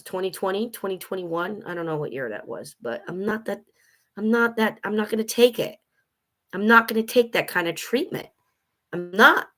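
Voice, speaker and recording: A woman's voice: lowish voice, sharp tone. A woman venting in a blunt casual monologue about work, swearing freely. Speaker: vlogger.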